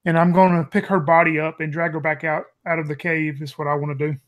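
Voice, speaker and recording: Guy player, kinda high voice, earnest dramatic storytelling. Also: flat delivery, fast, dull audio, slight background noise. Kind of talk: in-character narration.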